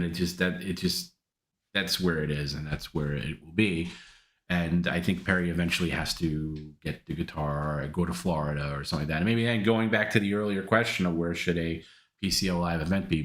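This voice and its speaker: A man's voice: sits low, reverberant. A man hosting a live stream, casually answering viewer comments in a rambling way with many restarts.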